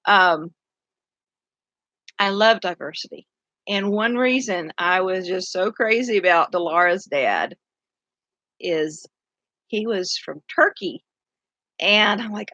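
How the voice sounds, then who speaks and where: A tired middle-aged city council candidate with a drawl rambles earnestly through her views in a casual monologue, circling back and restarting sentences often. Her medium-pitched voice is unhurried, pushed and bright, with long pauses. The recording sounds dull and lo-fi, dry and close, with no room echo.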